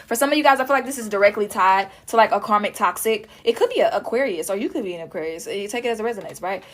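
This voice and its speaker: A woman's voice: medium pitch, lively intonation, racing, hardly any pauses. A woman doing a casual tarot reading, talking straight to her viewers with emphatic repetition. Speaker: tarot reader.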